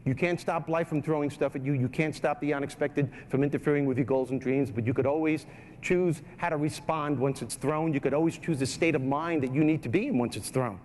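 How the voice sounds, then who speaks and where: Brief: New comic-turned-motivational speaker, high, punchy, hammering points home, reverberant hall with faint room noise. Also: male voice, a little mellow. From New York. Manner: emphatic, repetitive, punchy. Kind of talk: comedic keynote speech. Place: large hall with a live audience.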